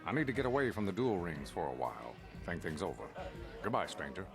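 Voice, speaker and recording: An actor playing a weary aging male arena duelist, speaking calmly and reflectively, in a video game. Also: low-pitched, fast. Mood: wistful. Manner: calm, reflective farewell. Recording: game voice over loud music.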